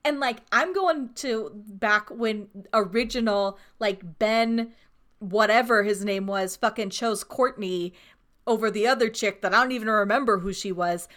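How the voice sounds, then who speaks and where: A woman's voice: mid-range voice, fairly bright tone. A young woman co-hosting a casual chat, ranting heatedly with plenty of swearing and laughter. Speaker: podcast co-host.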